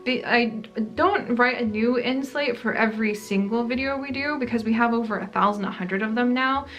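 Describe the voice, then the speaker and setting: A woman's voice: fairly high pitch, moderate pace, a bit bright, lo-fi sound, faint music behind. A woman hosting a gaming channel, chatting casually through a Q&A vlog in a rambling, friendly way. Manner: chatty, rambling, many "like" fillers.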